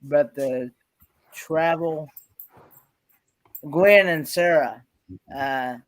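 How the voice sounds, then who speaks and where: A man in a casual live-stream chat who talks haltingly, repeats words and restarts, and explains details earnestly. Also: a little high.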